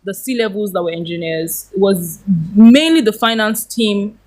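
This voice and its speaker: A woman's voice: medium pitch, normal speed, a little mellow. A woman, a podcast guest telling her story animatedly and laughing often.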